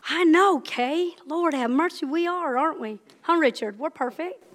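A woman's voice: high voice, moderate pace. A woman in her fifties preaching a personal, conversational sermon in a church, building up with emphatic repeated lines. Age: 50s. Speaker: lay preacher. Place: church sanctuary.

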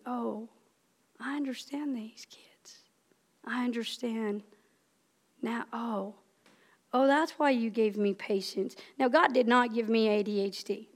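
A woman in her fifties preaching a personal, conversational sermon in a church, building up with emphatic repeated lines. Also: medium pitch. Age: 50s. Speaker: lay preacher. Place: church sanctuary.

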